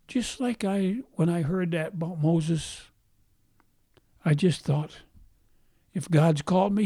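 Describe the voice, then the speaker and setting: A man's voice: a little high, warm tone, no room sound, studio quality. A middle-aged male pastor preaching a sermon. He has a faint brogue-like sound left from a speech impediment, repeats phrases for emphasis and asks his listeners questions.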